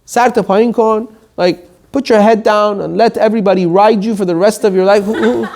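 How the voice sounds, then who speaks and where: A rabbi giving an animated Torah lesson, reading quotes and explaining them in plain English. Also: male voice, high voice, normal speed, vocal fry, a little hiss or hum.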